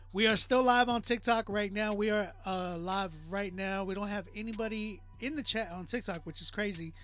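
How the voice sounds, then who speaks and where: Talking straight to his chat with hype, a man running a casual music review livestream urges viewers to send in songs. He speaks at a moderate pace in a high-pitched, fairly bright voice.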